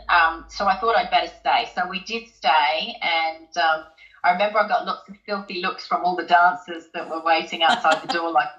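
A woman's voice: lowish voice, pushed and bright. A woman from the UK, a guest in an interview, tells a personal story in a chatty way, with many ums and restarts. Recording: roomy, slightly dull recording.

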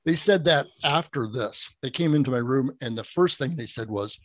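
A middle-aged man, a podcast guest, telling a personal story in a casual, animated way, laughing often and acting out quoted speech. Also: medium pitch, moderate pace.

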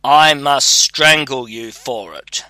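A man voicing a mighty, haughty male spirit, loud and threatening by turns. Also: medium pitch, slow, dry recording. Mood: menacing. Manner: loud, threatening then pleading.

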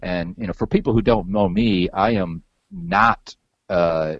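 A man's voice: low voice, a little slow, dry recording, dull audio. A man hosting a podcast in casual chat, rambling and loose with some swearing and many repeated words. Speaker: podcast host.

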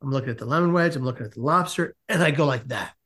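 A man's voice: medium pitch, rapid-fire, pushed and bright. A man, a podcast guest, telling a long comic story in casual conversation and acting out the quotes as he goes.

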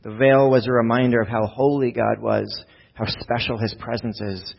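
A man's voice: mid-range voice, fairly quick, vocal fry, slightly rough, muffled recording. A man giving a sermon as a pastor, talking in a casual, conversational way and putting questions to the congregation.

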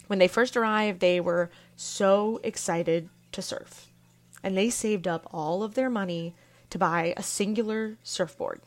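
A young woman hosting her own podcast, telling a family story in a casual, lively way. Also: lowish voice. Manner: casual, animated storytelling with laughs. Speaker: podcast host.

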